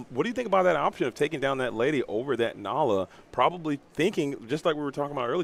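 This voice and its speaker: A man commentating a card game tournament live, joking and quick-fire with his co-hosts. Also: medium pitch.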